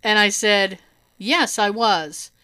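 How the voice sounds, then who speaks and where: A woman's voice: mid-range voice, slow, clear, resonant tone. A woman telling a story in casual chat, acting out what others said and laughing often. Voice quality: hearing loss in right ear. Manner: animated, laughing storyteller who acts out quotes.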